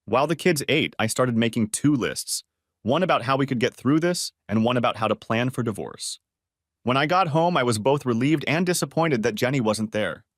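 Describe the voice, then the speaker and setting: A man's voice: mid-range voice, animated, moderate pace, dry recording. Man narrating a story in a dry voice. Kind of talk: scripted first-person narration.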